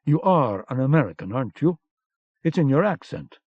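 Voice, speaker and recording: A man's voice: medium pitch, very animated, normal speed, dry recording. A man reading an audiobook, voicing a cold, curt female spy with a frosty manner, on a dull lo-fi cassette recording. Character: cold, veiled female resistance agent, icy and curt.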